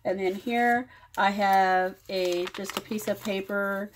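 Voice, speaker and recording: A woman hosting her own craft channel, showing a finished project page by page in plain, unhurried commentary made of short phrases. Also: medium pitch, steady tone, a little hiss or hum. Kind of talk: casual show-and-tell walkthrough.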